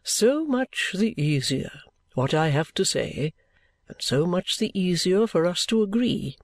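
A man reading the part of a kindly older male guardian in an audiobook, speaking in a cordial, measured, fatherly way. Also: sits high, very animated, dry recording, exaggerated voice. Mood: gentle. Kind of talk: audiobook reading of a classic novel.

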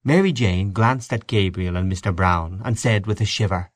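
A man narrating a classic story in a measured, expressive reading. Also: on the low side, no echo, clean studio sound.

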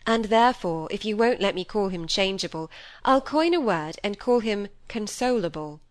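A woman's voice: mid-range voice, lively intonation, moderate pace, close to an everyday voice. A woman reading an audiobook, voicing a wilful, proud young woman who talks with bitter passion. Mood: teasing. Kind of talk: audiobook character voice.

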